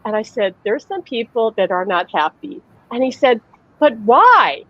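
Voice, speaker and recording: A woman's voice: mid-range voice, normal speed, dull audio. A woman who works as a psychic medium, hosting a live-streamed conversation and telling stories animatedly over a video call, laughing often.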